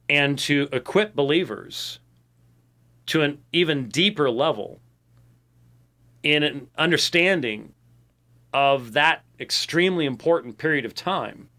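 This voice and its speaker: A man's voice: fairly high pitch, sharp tone. An American man hosting a ministry program, talking casually and rambling to his audience with frequent fillers and restarts. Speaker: ministry show host. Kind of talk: casual monologue to a show audience.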